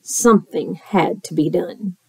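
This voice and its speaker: A woman teacher reading a picture book aloud to children, expressive and playful, with squeals and sound effects. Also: on the low side, a little slow, creaky, noisy background.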